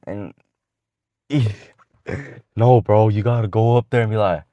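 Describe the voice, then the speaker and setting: A man's voice: fairly low pitch, measured pace, long pauses, warm tone, no echo. A man giving casual dating advice to the camera, talking in slang and swearing freely as he rambles along with restarts.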